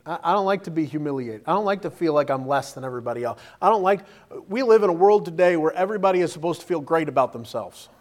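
High-voiced animated male preacher. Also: quick pace, hardly any pauses. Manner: animated, rhetorical questions, reads King James verses aloud. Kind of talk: sermon.

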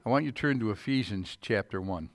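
A man's voice: lowish voice, expressive, fast talker. A man preaching a sermon, reading scripture aloud and checking in with his listeners.

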